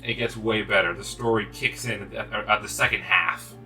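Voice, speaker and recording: A young man with a very bright, sharp-edged voice tells a rambling story in casual chat, swearing and restarting his sentences. He sits a little away from the mic, and game music plays faintly behind him. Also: fairly low pitch, steady tone, normal speed, far from the mic, poor audio. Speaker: gaming video co-host. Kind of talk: casual chat while playing.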